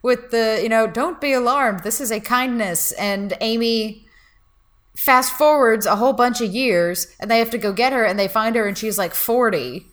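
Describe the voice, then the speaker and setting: A woman co-hosting a podcast, telling a story in a lively, emotional and self-mocking way during casual chat. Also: on the high side, normal speed. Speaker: podcast co-host.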